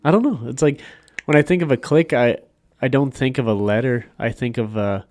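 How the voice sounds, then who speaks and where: A man's voice: medium pitch, brisk, a little mellow. A man co-hosting a podcast, chatting casually over drinks, laid-back, laughing along and trailing off as he hunts for words. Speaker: podcast co-host.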